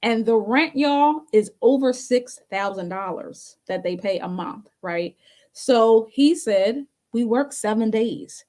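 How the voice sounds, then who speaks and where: A woman's voice: a little high, takes it slowly, a little mellow. A woman co-hosting a talk show, telling a story in a casual, chatty way and laughing often between phrases.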